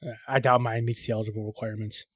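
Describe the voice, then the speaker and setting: A man's voice: on the low side, flat delivery, very fast. An American man in casual podcast chat, rambling and profane.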